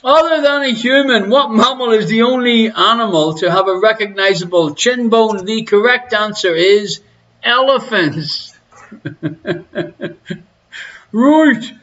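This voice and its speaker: A pushed, bright, high voice at a moderate pace comes through audio with the highs cut off. The speaker is an Irish man hosting a live quiz from his living room, mixing questions with teasing, crude banter.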